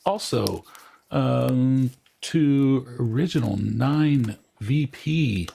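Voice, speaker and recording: A man moderating a call, making quick housekeeping announcements. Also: mid-range voice, vocal fry, dark tone, husky. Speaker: community moderator.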